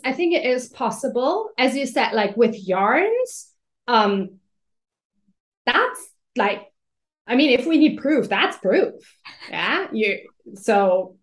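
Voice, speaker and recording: A woman guest on a podcast interview, speaking hesitantly and often repeating words while she searches for them. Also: on the high side. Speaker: magazine owner, guest. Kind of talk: casual interview chat.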